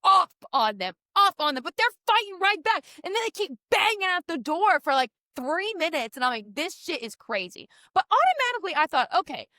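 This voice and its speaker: A woman from the American South co-hosting a casual podcast, telling stories in an animated way and swearing freely. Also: extremely high pitch, fairly quick, few pauses, no room sound, clean studio sound. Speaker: podcast co-host.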